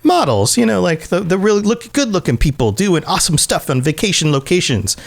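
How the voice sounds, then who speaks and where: Brief: laughing male co-host, high-ish, gravelly, very swingy pitch. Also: big pitch swings, a little fast. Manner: chatty, laughs often, many fillers. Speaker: podcast co-host. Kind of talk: casual podcast banter.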